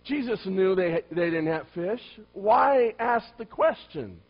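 A man preaches a sermon slowly in a husky voice with lively intonation, peppering the congregation with rhetorical questions. He swings between loud, emphatic lines and quiet, low asides, captured in a dull lo-fi recording.

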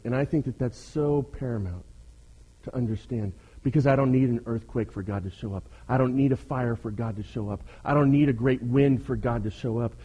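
Husky-voiced male preacher. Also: medium pitch, warm tone, highs cut off. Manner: rhetorical questions to the listeners, emphatic. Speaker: pastor. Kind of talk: sermon.

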